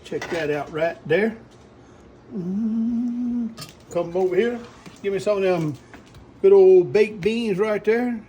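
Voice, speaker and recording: A man's voice: sits high, measured pace, mellow, a little hiss or hum. A man with a Southern US accent hosting a casual cooking vlog, folksy and drawling, with frequent exclamations. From Louisiana. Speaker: cooking channel host.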